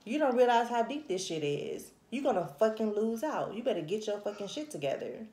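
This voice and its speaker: A woman's voice: a little high, big pitch swings, fairly quick, mellow, echoey room. Blunt, profane woman tarot reader. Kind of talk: casual tarot reading to camera.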